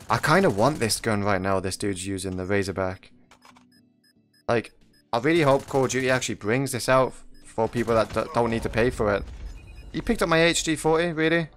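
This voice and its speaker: A young man talks casually over his gameplay, joking and ribbing the other players. His voice sits at a middling pitch, and faint background music plays under him. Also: animated, normal speed, long pauses. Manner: chatty, jokey, laughs often at teammates and enemies. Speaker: mobile gaming YouTuber. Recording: music playing faintly behind.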